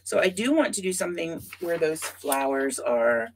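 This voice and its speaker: A woman with a low, animated voice at normal speed hosts a relaxed scrapbooking stream, a little hiss or hum underneath. She names viewers as she talks to them while working, thinking aloud with frequent asides.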